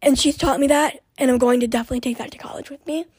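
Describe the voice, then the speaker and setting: Young female podcast host, chatty and rambling, husky high voice, dry close sound. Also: steady tone, very fast, darkish tone, dry recording. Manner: rambling, chatty, with many fillers and restarts. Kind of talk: casual chat.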